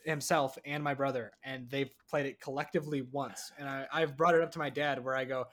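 A man's voice: medium pitch, fairly even intonation, brisk, a bit bright. A young man, co-hosting a casual podcast chat and telling rambling family stories. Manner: rambling storyteller, mimics parents. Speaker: podcast co-host.

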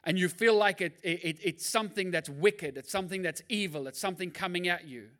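A male pastor preaching a sermon in an animated, jokey way, acting out Bible scenes. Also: high voice, a little fast.

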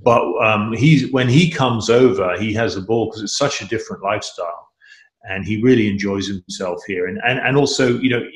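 A middle-aged man with a fairly low voice talks as a guest, eager and rambling, often restarting his sentences. His voice rings in an echoey room. The talk is loose and conversational. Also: normal speed. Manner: enthusiastic, rambling, many restarts. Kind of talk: casual conversation.

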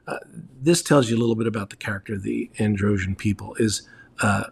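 Husky man telling travel stories. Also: on the low side, fairly even intonation, fairly quick. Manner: rambling, friendly, many fillers and restarts. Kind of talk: casual travel storytelling.

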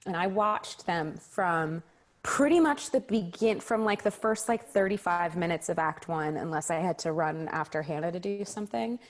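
A young adult woman, a stage actress guest in a casual interview chat, telling animated stories and acting out children's reactions. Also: fairly low pitch, moderate pace. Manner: animated storyteller, acts out kids' reactions.

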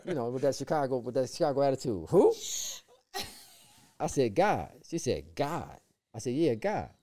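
A man telling his personal faith testimony as a guest, with lively repeated phrases and acted-out quotes. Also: mid-range voice, fast talker. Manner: lively, repeats words, acts out quoted voices. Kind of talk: animated personal storytelling.

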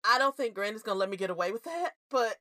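A woman co-hosting a casual chat show, telling family stories in an animated, blunt way and laughing often. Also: mid-range voice, fast, dry recording, clean studio sound. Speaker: podcast co-host.

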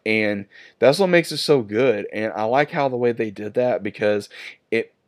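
Chatty thirties guy, lowish voice, upbeat casual movie reviewer. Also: normal speed. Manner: enthusiastic, chatty.

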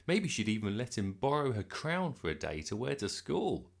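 Man reading a bedtime story, gravelly, unhurried, very lively pitch, expressive. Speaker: children's story reader.

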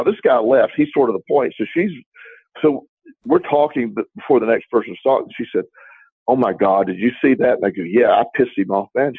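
Gravelly-voiced man telling a story. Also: medium pitch, no room sound. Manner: rambling, restarts, animated retelling of quoted dialogue. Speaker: podcast co-host. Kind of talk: casual storytelling chat. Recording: dry, tinny phone-like line.

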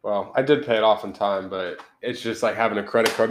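A man in his twenties hosting a casual podcast chat, upbeat and quick to laugh. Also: lowish voice, steady tone, slight background noise. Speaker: podcast host.

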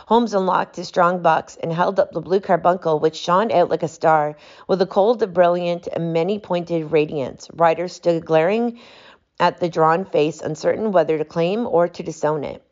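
A woman narrating a classic detective story in a measured, even reading style. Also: fairly low pitch, lo-fi sound. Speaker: audiobook narrator. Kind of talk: audiobook narration.

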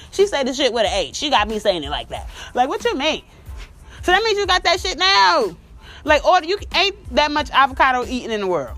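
A woman's voice: high-pitched, very animated, a little fast, sharp tone. A woman hosting a podcast, ranting bluntly and mockingly in casual chat, full of profanity. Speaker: podcast host. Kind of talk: casual opinion rant.

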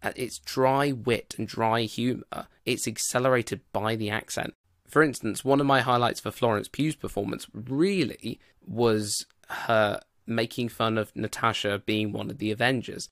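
A man's voice: medium pitch, steady tone, measured pace, gravelly, fairly bright tone, dry recording, clean studio sound. A man giving a casual spoken film review, rambling and loose with plenty of "like" and "you know".

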